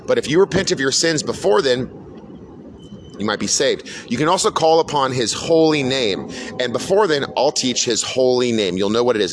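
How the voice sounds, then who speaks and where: A man's voice: on the low side, fairly bright tone, a little hiss or hum. A middle-aged man delivering an unscripted podcast sermon, blunt and profane, repeating his warnings. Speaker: podcast preacher. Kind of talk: unscripted religious monologue.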